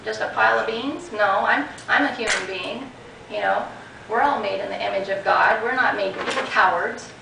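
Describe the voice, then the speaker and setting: A woman's voice: mid-range voice, normal speed, vocal fry, noisy background. A woman guest speaker at a group meeting, telling a personal story with many restarts and quoted back-and-forth dialogue. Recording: echoey room recording from a distance.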